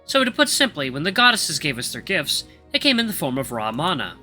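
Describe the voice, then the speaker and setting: A man voicing a young male wolf grandmaster who lectures in a calm, monotone way. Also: fairly high pitch, brisk, soft background music, pitched above the performer's own voice, heavily acted. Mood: lecturing.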